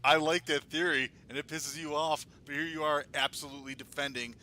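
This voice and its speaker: Male podcast co-host, very bright tone, easygoing banter with loose swearing. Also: a little high, fairly even intonation, fairly quick, a little hiss or hum. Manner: laid-back, joking, swears casually. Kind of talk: casual chat.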